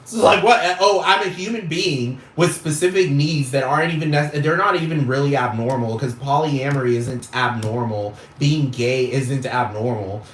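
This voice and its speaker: A man's voice: medium pitch, normal speed, few pauses, reverberant, slight background noise. A man ranting casually to camera in a vlog, swearing and emphatic, full of slang. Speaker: vlogger.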